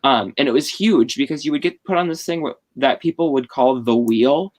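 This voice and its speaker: A man's voice: mid-range voice, moderate pace, poor audio. Male host explaining, full of fillers. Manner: explains at length with many fillers. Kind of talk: casual live-stream chat. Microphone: video call.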